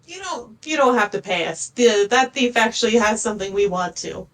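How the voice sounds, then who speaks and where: A woman player speaking in character in a tabletop game, calm and polite. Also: fairly high pitch, a little fast, poor audio. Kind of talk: in-character tabletop role-play.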